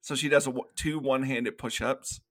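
A man's voice: mid-range voice, steady tone, fairly quick, fairly bright tone. A man co-hosting a podcast, casually retelling movie scenes and laughing often. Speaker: podcast co-host. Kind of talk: casual movie review chat.

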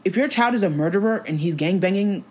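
A woman's voice: medium pitch, lively intonation, quick pace, a little mellow. A woman in casual chat, ranting emphatically with lots of slang, as a podcast co-host.

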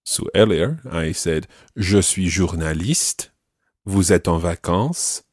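A man hosting a language lesson, repeating model phrases slowly and explaining them patiently. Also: low voice, expressive, husky, no echo, clean studio sound. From Scotland. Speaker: language teacher and podcast host.

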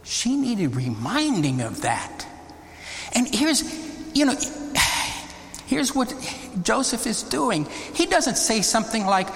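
A man preaching a Bible teaching sermon, deliberate and emphatic, often rising into exclamations. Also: very high voice, sing-song, creaky, a little hiss or hum. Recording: long reverb of a large hall.

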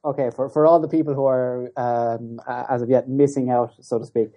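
A man speaking as a podcast guest, talking casually and hesitantly with many pauses and restarts. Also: medium pitch, fairly even intonation. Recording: dull lo-fi sound.

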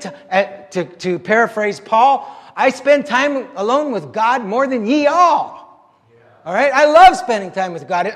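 A man preaching a sermon as pastor, animated and conversational, joking at his own expense. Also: high-pitched, long reverb tail. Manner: animated and conversational, with self-deprecating jokes.

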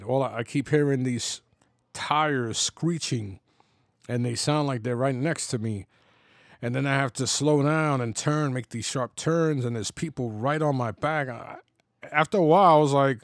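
A man in his fifties chats through personal stories, laughing easily and often starting his sentences over. His voice sits at a middle pitch. The recording is dry and close, with no room sound. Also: a little slow, dry recording. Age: 50s. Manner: rambling, laughs often, many restarts. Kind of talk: casual personal storytelling. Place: home.

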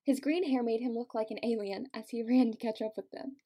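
A woman co-hosts a chatty podcast, reading passages aloud and breaking off with giggles and dramatic asides. Her voice sits fairly high for a woman, and she sounds tired. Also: fairly even intonation, fairly quick, warm tone. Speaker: podcast co-host.

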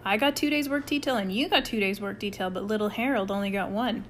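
A woman voicing a dry, deadpan, clever teenage boy who speaks in an understated way. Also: medium pitch, fast talker, slight background noise, lightly acted.

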